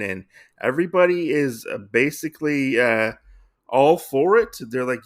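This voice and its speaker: A man's voice: mid-range voice, moderate pace. A man hosting a podcast, casually recapping a comic book story with many fillers and restarts. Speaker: podcast host.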